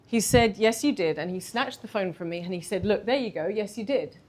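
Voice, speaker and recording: A woman, telling a candid personal story in a talk, animated and self-deprecating. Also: mid-range voice, a little fast. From London. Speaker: speaker giving a talk.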